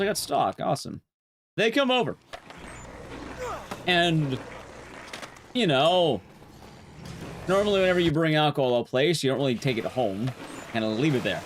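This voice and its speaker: A man with a fairly high, lively voice tells a loose, foul-mouthed story while he plays through a speedrun. His delivery wanders from tangent to tangent in easy stream chatter. Steady noise runs behind him. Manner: swears freely, rambling anecdotes.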